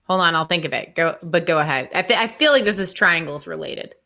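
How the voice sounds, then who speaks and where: A woman with a bright voice chats casually as a co-presenter. She thinks aloud and fills her sentences with "like.". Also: fairly low pitch, lively intonation, brisk. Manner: chatty, thinks aloud, uses "like" a lot. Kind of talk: casual chat.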